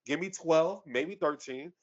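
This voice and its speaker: A man co-hosting a casual sports podcast, loud and animated, full of slang and quick laughs. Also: fairly high pitch, highs cut off. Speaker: podcast co-host.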